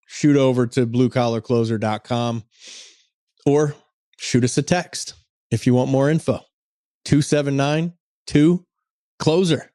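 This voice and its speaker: A man's voice: mid-range voice, darkish tone, dry recording, clean studio sound. A man co-hosting a podcast, talking in an upbeat, chatty, joking way, slipping into casual ad reads. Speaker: podcast co-host. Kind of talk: casual podcast chat and ad read.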